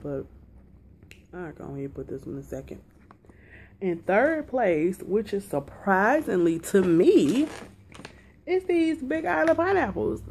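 A woman vlogger chatting casually through a snack taste test, talking excitedly and calling her viewers y'all. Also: medium pitch, slight background noise.

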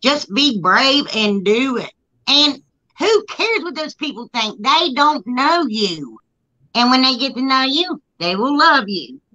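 A woman talks in a casual, blunt, joking way and laughs often. Her voice is high and bright. The sound is dry and a little dull, as if from a low-grade mic. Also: very animated, unhurried, no room sound. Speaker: YouTube channel host. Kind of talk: casual chat.

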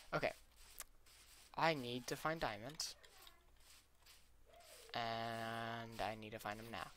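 A man's voice: medium pitch, very slow, pauses often, bright, forceful tone, a little hiss or hum. A man doing let's play gameplay commentary, muttering to himself as he plays and letting out sudden yelps. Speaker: gaming channel host. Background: background music.

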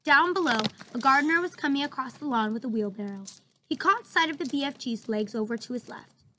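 A woman teacher reading a children's book aloud to her students, expressive, with chatty asides. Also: high-pitched, brisk, a little hiss or hum, poor audio. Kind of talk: read-aloud storytelling for students.

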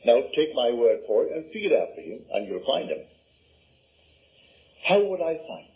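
A man's voice: mid-range voice, sing-song, unhurried. An older man with a Barbadian accent giving an emphatic spoken lecture, full of rhetorical questions. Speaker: lecturer on scripture and imagination. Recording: tinny lo-fi archive recording.

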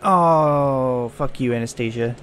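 A man's voice: mid-range voice, takes it slowly, a bit bright, soft background music. A man giving comedic gameplay commentary, jumpy and self-mocking, yelping and groaning whenever danger shows up. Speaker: gaming video creator.

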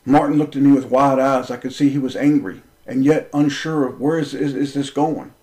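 A man telling a personal story as an impassioned monologue, intense and confrontational, swearing freely and swinging between raised and lowered speech. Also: moderate pace, dark tone, rough recording.

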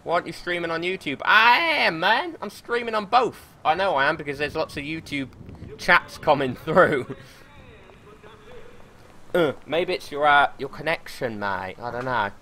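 A young man streaming a game live, commentating excitably with frequent swearing and laughter into a desk or headset microphone. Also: fairly high pitch, normal speed, a little hiss or hum. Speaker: gaming streamer.

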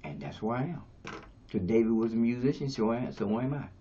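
A man in his seventies preaching a sermon as pastor, shifting between quiet talk and shouts. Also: a little fast. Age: 70s. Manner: preaching, swings from low to shouting. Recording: dull lo-fi radio sound.

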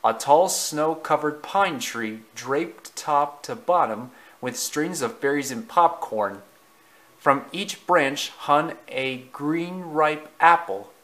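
A man narrating a storybook slowly and deliberately, with small slips in the reading. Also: a little high, a bit bright, rough recording.

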